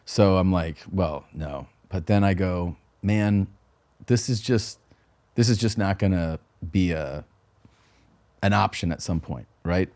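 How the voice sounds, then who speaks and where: A man guest telling a casual, animated story, acting out quoted dialogue and laughing often. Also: deep voice, slow pace. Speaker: guest comedian.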